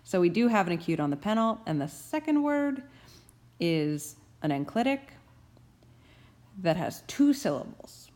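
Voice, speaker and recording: A young adult woman teaching grammar rules, stressing key terms slowly and deliberately. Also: lowish voice, big pitch swings, a little mellow.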